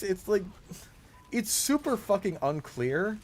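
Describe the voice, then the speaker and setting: A man ranting in a voice-over over gameplay. He is exasperated and swears a lot, and often stops and restarts his sentences with "like". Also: medium pitch. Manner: halting, restarts with lots of "like". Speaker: gaming YouTuber.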